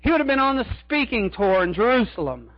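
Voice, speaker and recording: A male pastor preaching a sermon in a church, dramatic, swinging between loud cries and hushed asides. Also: very high-pitched, sing-song, fairly quick, no echo, dull audio.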